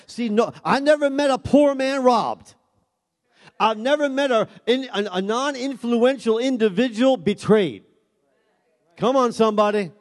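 Pastor, male, high voice, preaching with call-and-response, big echoing hall. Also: measured pace. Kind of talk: sermon.

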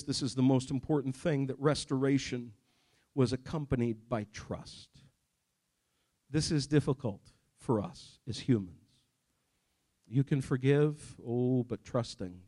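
A man preaching a sermon as a pastor, dropping to hushed low emphasis and rising to loud exhortation, with folksy asides to the congregation.

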